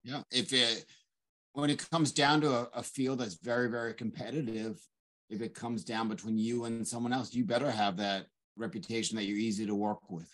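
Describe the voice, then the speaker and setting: A man's voice: mid-range voice, moderate pace. An older man from Boston with a Boston accent, talking as a guest author in a casual, teasing chat full of swearing. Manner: animated, profane, teasing.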